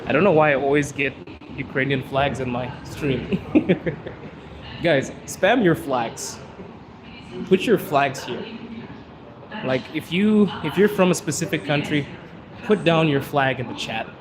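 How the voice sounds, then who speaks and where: A man from Zimbabwe chats loosely to his viewers, laughing often. His voice sits a little high for a man. He streams from a phone on a busy city street, with clear traffic noise behind him. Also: a little slow, pauses often. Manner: rambling, chatty, laughs often. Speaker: live streamer. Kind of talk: casual live-stream chat with viewers.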